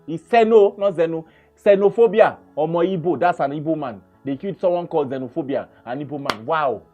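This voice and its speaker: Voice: medium pitch, a little fast, darkish tone, soft background music. Emphatic Nigerian radio host. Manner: emphatic, repeats phrases for stress. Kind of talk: opinionated radio monologue.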